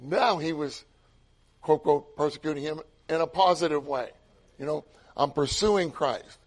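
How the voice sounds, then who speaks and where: An older man preaching a sermon, excitable and repetitive, swinging from loud emphatic lines to hushed asides. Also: on the high side, normal speed.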